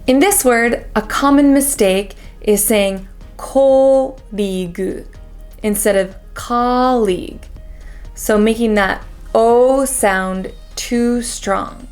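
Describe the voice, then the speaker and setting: A woman with an American accent teaching pronunciation as a coach, drilling each word slowly and carefully with many repeats. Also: fairly high pitch, darkish tone, soft background music. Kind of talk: pronunciation lesson.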